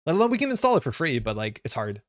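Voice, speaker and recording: A man's voice: on the high side, wildly swooping pitch, very fast, no echo, studio quality. A man streaming a card game live, thinking his moves through aloud in a casual way with plenty of fillers. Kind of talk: live gameplay commentary.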